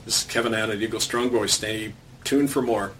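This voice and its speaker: A man's voice: fairly low pitch, steady tone, a little fast, fairly bright tone, recorded from a distance, slight background noise. A man hosting his own program, reading a commentary column aloud in a sardonic storytelling manner. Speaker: commentator and host.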